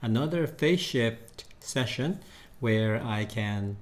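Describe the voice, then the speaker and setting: A man talking casually into a studio microphone at home, hesitant and slow, acting out facial expressions as he tests them. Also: medium pitch, expressive. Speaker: 3D animation hobbyist.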